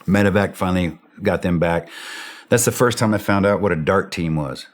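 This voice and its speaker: A man telling a war story in a blunt way, swearing freely and acting out the shouted radio calls. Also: low-pitched, normal speed. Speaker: interview guest.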